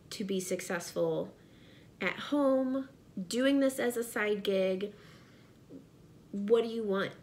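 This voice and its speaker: Woman, 30s, pregnant, earnest, chatty, home office, faint low rumble. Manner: earnest, chatty, addresses viewers directly. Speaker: vlogger and direct sales seller. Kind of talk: casual to-camera vlog.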